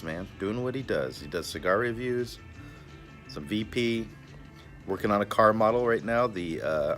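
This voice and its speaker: Very deep-voiced, laid-back man. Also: a bit bright. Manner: refers to himself in the third person, laid-back and chatty. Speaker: cigar reviewer and vlogger. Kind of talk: casual vlog talk. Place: backyard, outdoors.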